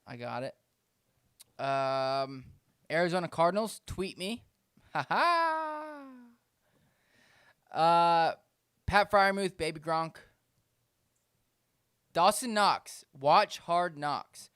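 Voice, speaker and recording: Smooth-voiced man, casual podcast chat. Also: on the high side, slow pace, pauses often, dry recording, studio quality. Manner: animated, laughs often while reading names. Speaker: podcast co-host.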